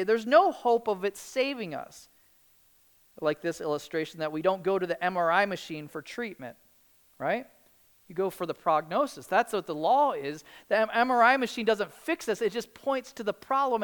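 A middle-aged woman preaching a sermon in an earnest, conversational way, often saying "like". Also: mid-range voice. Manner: earnest, conversational, many "like" fillers.

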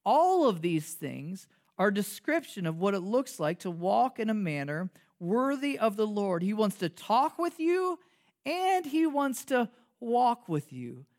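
In a high voice at a measured pace, a male pastor delivers a conversational sermon. He's animated, cracks jokes, poses rhetorical questions, and fills his speech with fillers and frequent restarts.

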